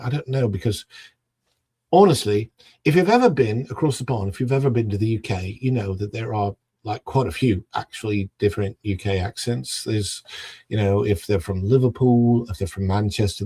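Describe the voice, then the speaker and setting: A man's voice: mid-range voice, husky, dry recording. A man hosting a casual home livestream who rambles and greets chat viewers one by one. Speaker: livestream host.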